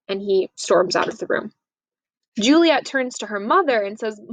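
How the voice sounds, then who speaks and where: A young woman teacher casually retelling a play's scene in a chatty, lively way. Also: medium pitch, moderate pace, no echo, poor audio. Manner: chatty, lively, acts out quotes. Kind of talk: casual summary of a play.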